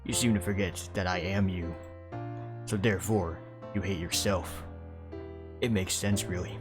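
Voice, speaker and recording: A man's voice: sits low, fairly even intonation, music in the background. A man reading a cruel, mocking mirror self. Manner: taunting, matter-of-fact, unhurried. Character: mocking male reflection, calm and cruel.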